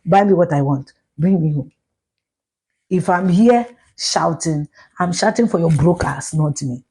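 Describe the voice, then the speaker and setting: A middle-aged Ghanaian woman with a Ghanaian accent, ranting loudly and profanely in a live video, slipping into Twi. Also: on the low side, measured pace, husky. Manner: loud, profane, mixes in Twi. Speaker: social media personality.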